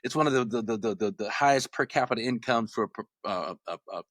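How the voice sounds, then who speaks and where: A man in his sixties from Los Angeles, a former basketball player telling stories as a podcast guest, animated and often repeating words as he restarts. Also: medium pitch, fast, no room sound, clean studio sound. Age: 60s. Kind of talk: casual storytelling.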